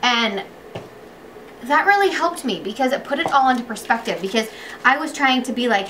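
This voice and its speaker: A young woman vlogger talking earnestly to camera, heartfelt and dropping to a hush when it gets emotional. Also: a little high, lively intonation, brisk, noisy background. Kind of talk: casual chat to camera.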